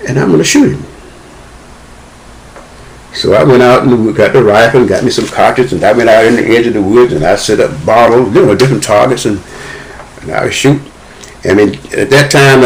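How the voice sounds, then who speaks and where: Older man as interview guest; expressive, swooping delivery, spins a childhood yarn. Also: mid-range voice, rough recording. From Southern United States. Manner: animated, acts out the dialogue in his story. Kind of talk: storytelling about his childhood.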